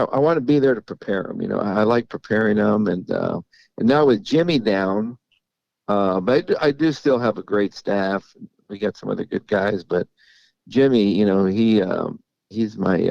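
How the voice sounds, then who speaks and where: A middle-aged man with a gravelly, fry-tinged voice speaks in a casual interview. He halts and repeats words as he tells his stories, laughing now and then. The sound is dry and dull. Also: lowish voice, a little mellow, no echo. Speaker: racehorse trainer. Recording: dull lo-fi audio.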